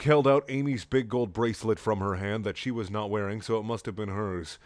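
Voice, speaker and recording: A man reading a story aloud in a sarcastic, deadpan way, with mocking asides. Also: lowish voice, a little fast, no room sound. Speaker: comedic reader.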